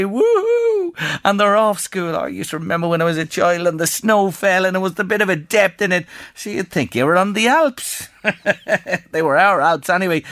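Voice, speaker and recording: A man's voice: high-pitched, a bit bright, no echo, clean studio sound. A middle-aged Irish man hosting a local radio show, chatting and reading out listener messages.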